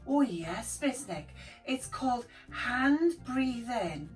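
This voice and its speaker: A woman's voice: fairly high pitch, lively intonation, slow. A woman voicing a friendly, polite young cat puppet who talks eagerly like a child. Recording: distant mic, faint background music.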